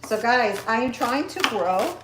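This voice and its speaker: A woman's voice: fairly high pitch, very animated, measured pace. A woman hosting a casual cooking livestream from her home kitchen, chatting upbeat with viewers while she chops. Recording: echoey kitchen with faint noise.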